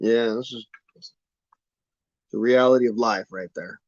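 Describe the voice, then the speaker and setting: A folksy man rambles on in a loose, drawling way and swears freely. His voice sits at an ordinary pitch. The recording is dull and dry, with no room sound. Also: steady tone, measured pace, no echo. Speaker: vlogger. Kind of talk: casual rambling monologue.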